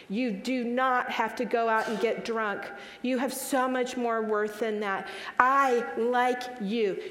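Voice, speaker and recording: A woman's voice: a little high, a little hiss or hum. Female speaker, 40s, live Q&A; earnest, repeats herself for emphasis; roomy hall sound with long echo. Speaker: speaker answering audience questions. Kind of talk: live Q&A talk. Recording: echoey hall with long reverb.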